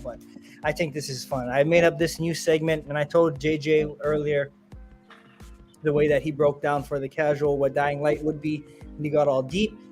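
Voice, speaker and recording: A man hosting a casual gaming podcast, talking energetically and laughing often. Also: on the high side. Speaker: podcast host.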